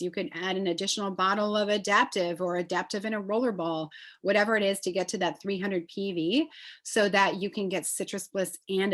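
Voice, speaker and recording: A woman giving a casual, enthusiastic sales presentation, chatty and upbeat with many fillers. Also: mid-range voice. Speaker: essential oils seller.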